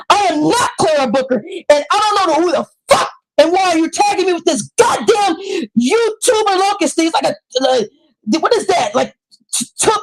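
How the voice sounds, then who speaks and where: A woman with a high voice rants on her live stream into a new microphone. She is heated and profane and often breaks into shouts. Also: rough recording. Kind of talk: angry live-stream rant. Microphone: new desktop microphone.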